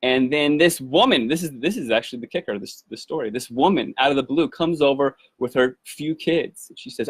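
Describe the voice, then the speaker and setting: A man's voice: mid-range voice, brisk, hardly any pauses, husky, no echo. A man telling a rambling, enthusiastic personal story to his viewers, with many restarts. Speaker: activist video maker. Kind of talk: casual storytelling to camera.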